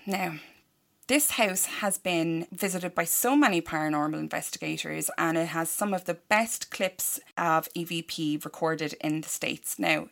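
A young woman with a fairly low voice hosts a casual podcast. She reads a news report in an even tone, then slips into teasing banter with her co-host. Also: unhurried, creaky. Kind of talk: casual podcast chat and storytelling.

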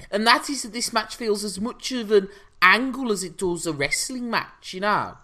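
A man's voice: high voice, normal speed, pushed and bright. A man, co-hosting a podcast in a chatty, jokey way. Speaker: podcast co-host. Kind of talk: casual chat.

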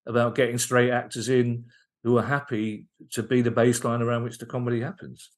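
A man, a comedian and writer, telling comedy anecdotes in a casual podcast chat, lively and enthusiastic, often restarting his sentences. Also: medium pitch, fairly quick.

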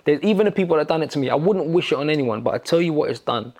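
Podcast guest, London man, middle-aged, gravelly tone, blunt storyteller. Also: a little high, expressive, racing, a little mellow. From England. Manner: blunt, swears often, tells stories with quoted dialogue. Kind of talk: casual chat.

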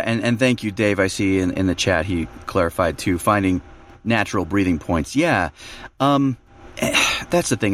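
A man who narrates audiobooks, talking in a relaxed podcast chat and explaining his process with fillers and restarts. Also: on the low side.

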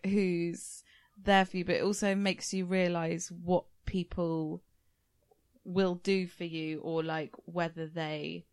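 A woman's voice: lowish voice, no echo, clean studio sound. A woman co-hosting a podcast, telling stories in a chatty way and quoting others with animation. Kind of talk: casual chat.

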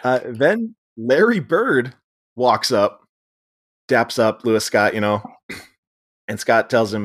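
On a podcast, a man slowly walks through a film's plot in relaxed chat, leaving long pauses; his mid-range voice has a fairly bright tone. He dramatizes the characters' lines and laughs frequently along the way.

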